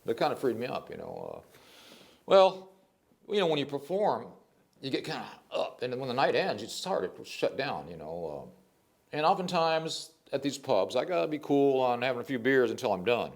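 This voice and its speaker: An older man, a poet, telling stories in a casual interview, animated and rambling, with frequent restarts. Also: medium pitch, normal speed, gravelly.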